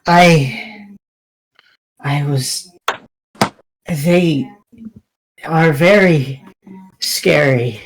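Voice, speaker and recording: A man's voice: fairly high pitch, a little hiss or hum, poor audio. A man doing a stammering, frightened woman. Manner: stammering, repeats words. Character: frightened middle-aged woman, nervous, guilty.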